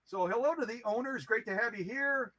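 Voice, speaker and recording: A man's voice: very high voice, brisk, a bit bright, dry recording, poor audio. A man hosting a live stream who chats casually with viewers, greeting them by name in a playful, goofy way and repeating phrases for fun.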